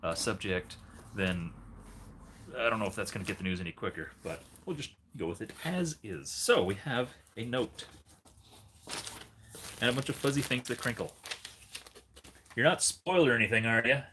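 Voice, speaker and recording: A man's voice: fairly low pitch, lively intonation, normal speed, pauses often, a bit bright, a little hiss or hum. A man hosting a casual livestream, chatting in a rambling way and breaking off to talk to his dog. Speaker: livestream host.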